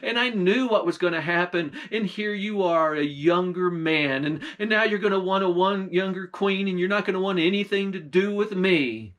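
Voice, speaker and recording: A man's voice: high-pitched, moderate pace, few pauses, a bit bright, dull audio, pitched above the performer's own voice. A man voicing a jealous, scheming queen who talks in a bitter, accusing way. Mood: defensive. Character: jealous scheming middle-aged queen, woman.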